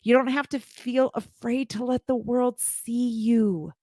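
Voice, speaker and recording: A woman's voice: on the high side, steady tone, measured pace, a little mellow, no room sound, studio quality. A woman in her forties gives a heartfelt motivational talk to live viewers as a community leader, speaking earnestly and repeating her phrases.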